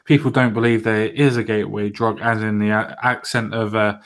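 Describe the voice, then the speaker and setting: A man's voice: on the low side, little pitch movement, fairly quick. A man hosting a casual podcast chat, sweary and jokey with emphatic stresses. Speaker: podcast host.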